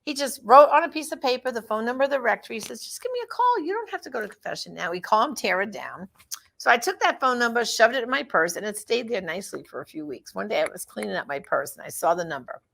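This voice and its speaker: A woman's voice: a little high, lively intonation, fast, gravelly, fairly bright tone. A middle-aged woman giving a casual personal testimony, telling her story and acting out the voices of the people in it. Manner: storytelling, acts out quoted voices.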